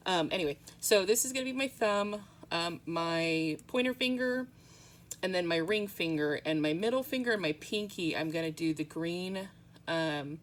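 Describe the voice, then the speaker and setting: Lowish-voiced woman rambling thru a nail tutorial at home, lots of ums, bit of faint noise behind. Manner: chatty, rambling, frequent ums. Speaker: nail art tutorial host. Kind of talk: casual tutorial chat.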